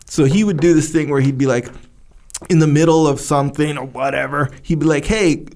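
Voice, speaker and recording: A man co-hosting a podcast, chatting casually in an animated way, laughing often and calling his partner bro. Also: fairly high pitch, a little fast, vocal fry. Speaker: podcast co-host. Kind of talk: casual chat.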